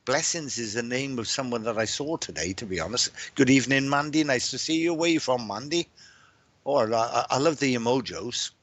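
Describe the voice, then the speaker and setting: A man from Wales who works as a medium and is hosting a livestream. He talks in a loose, chatty way, greeting viewers one by one by name. He often stumbles, repeats his words and restarts his sentences, and his voice sits at an ordinary middle pitch. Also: lively intonation, brisk, fairly bright tone, no echo.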